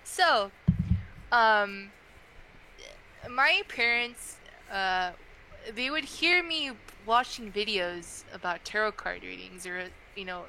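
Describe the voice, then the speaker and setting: A young adult woman chatting casually on a podcast, telling a story in a chatty, animated way with many fillers. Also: medium pitch, takes it slowly, a little hiss or hum, poor audio.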